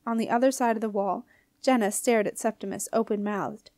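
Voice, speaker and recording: A woman's voice: mid-range voice, fairly quick, dry recording. Woman reading a storybook, dry and close. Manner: clear, expressive reading. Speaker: audiobook reader. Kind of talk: storybook narration.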